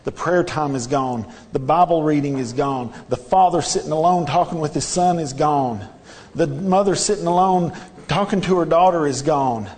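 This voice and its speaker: A man's voice: fairly high pitch, moderate pace, darkish tone. Earnest preacher man in a reverberant church. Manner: earnest, repetitive exhortation with rhetorical questions. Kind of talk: sermon. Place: church sanctuary.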